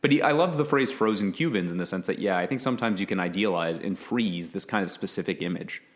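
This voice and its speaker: A man's voice: sits low, fast talker. A man in a casual podcast chat, telling anecdotes and laughing easily.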